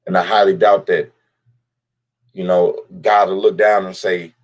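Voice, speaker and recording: In an unhurried, flat delivery, a man with a low voice gives blunt, profane commentary to camera as a vlogger. He speaks directly to the person he's criticizing and repeats lines for emphasis.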